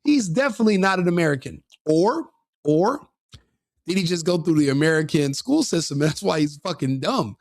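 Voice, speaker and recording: A man's voice: fairly high pitch, animated, normal speed, no room sound, studio quality. A man commenting on a video in a brash, mocking, combative way, laughing at his own jokes. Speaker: online commentator reacting to a video. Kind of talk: profane reaction commentary.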